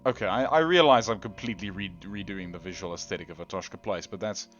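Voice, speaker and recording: Low-voiced man rambling over gameplay. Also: fast talker, a bit bright, highs cut off, faint music behind. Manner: rambling, self-deprecating, talks to the viewer. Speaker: gaming channel host. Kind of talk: casual gameplay commentary.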